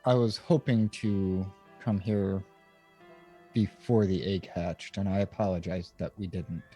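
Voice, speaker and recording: A man voicing an earnest, dutiful adventurer, speaking politely and deliberately. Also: low-pitched, fairly even intonation, dark tone, soft background music. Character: earnest, dutiful adventurer taking responsibility for an animal.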